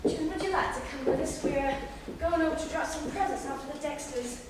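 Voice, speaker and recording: A woman's voice: high-pitched, brisk, natural voice. A woman plays a polite, prim mother in a school stage play. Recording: echoey hall, far camera, noisy.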